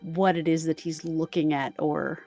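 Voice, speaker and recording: A woman's voice: low-pitched, fairly even intonation, moderate pace, darkish tone, faint music behind. A woman playing a tabletop game, a bit hesitant and playful. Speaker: player.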